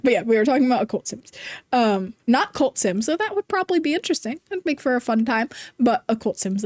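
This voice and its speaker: A woman's voice: a little high, dry recording, studio quality. A young woman from New Jersey with a Jersey accent, chatting casually as a streamer, rambling, giggly and self-deprecating. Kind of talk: casual chat while gaming, reading chat.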